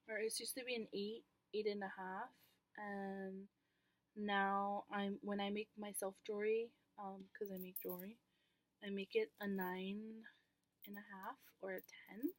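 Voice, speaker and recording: A woman's voice: mid-range voice, little pitch movement, unhurried, dry recording. A woman vlogger talking candidly to camera in a casual, rambling way, with many ums and casual swearing.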